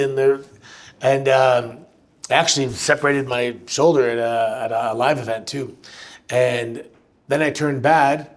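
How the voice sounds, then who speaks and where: A man answering fan questions at a live show, telling animated stories with frequent restarts. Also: medium pitch. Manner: animated, chatty storyteller who restarts sentences. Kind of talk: live on-stage storytelling Q&A. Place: live show venue with audience.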